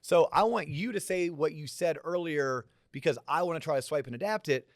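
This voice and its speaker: A man's voice: a little high, a little fast, no room sound. Motivational male podcast host, dry sound. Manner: motivational, conversational. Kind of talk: talk in front of a college audience.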